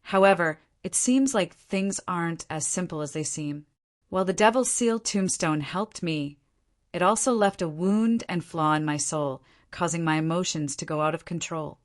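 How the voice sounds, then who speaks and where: A woman's voice: lowish voice, normal speed, natural voice. A woman reading the inner thoughts of a brooding young male hero in a storybook, uneasy and reflective. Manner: inward, uneasy musing.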